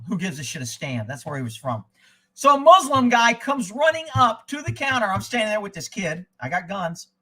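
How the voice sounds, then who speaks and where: A man with a high voice that sounds pushed and bright hosts a live news and chat stream. He's a former child abduction investigator, and he tells stories in a casual, rambling way, blunt and profane, drifting into digressions as he goes. The recording quality is low.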